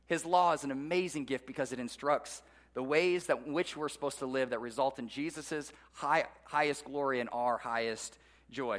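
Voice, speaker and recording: A pastor delivers a sermon in a slightly high voice, talking straight to his congregation with rhetorical questions. He swings from quiet, low passages to loud, emphatic peaks.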